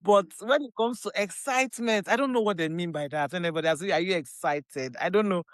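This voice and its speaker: A woman with a Nigerian accent, a podcast guest, telling her story in an animated, emphatic way and often repeating phrases. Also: medium pitch, fast, dry recording. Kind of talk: casual chat.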